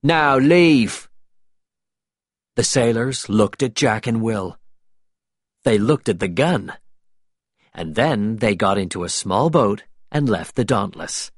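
A man narrating a storybook aloud in a slow, deliberate manner. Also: fairly low pitch, animated, no echo, clean studio sound. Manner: slow, clear, deliberate reading.

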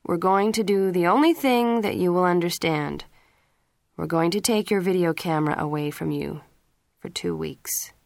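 A firm middle-aged father scolds his son in an audiobook, read by a woman. The voice sits low and lays down the law. The recording is dry and close. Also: normal speed, creaky, no echo. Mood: stern. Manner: firm, lecturing.

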